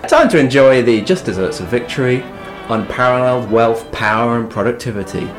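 Brief: man voicing a boastful post-war American everyman, raised pitch, mock-cheery. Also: expressive, fairly quick, over music, natural voice. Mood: smugly cheery. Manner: ironic mock-patriotic boasting.

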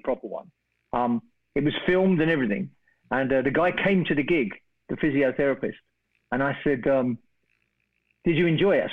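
A middle-aged man from England telling a long casual story, chatty and animated, acting out the voices of the people in it. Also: fairly high pitch. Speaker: guest storyteller. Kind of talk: casual anecdote on a phone call. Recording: tinny phone-line sound.

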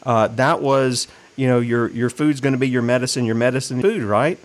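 A man's voice: mid-range voice, moderate pace. A male host asking guests questions in a conversational way, with preacher-like asides to his listeners. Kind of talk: casual interview chat.

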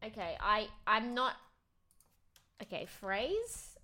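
Bright chatty woman. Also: fairly high pitch, sing-song, slow pace. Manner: chatty, swears freely, acts out quotes with laughs. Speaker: podcast co-host. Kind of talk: casual chat.

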